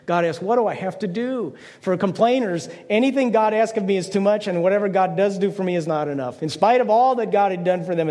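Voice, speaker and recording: A man's voice: sits high, a little mellow, big-room sound. An older man preaching a conversational sermon as pastor, playful, slipping into mock voices to make his points.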